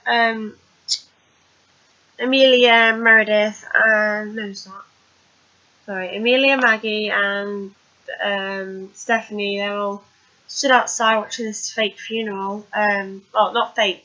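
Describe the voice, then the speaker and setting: A woman's voice: medium pitch, fairly even intonation, unhurried, pushed and bright. A woman chatting casually through a TV episode recap, rambling with lots of fillers. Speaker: TV recap vlogger. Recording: dull lo-fi recording.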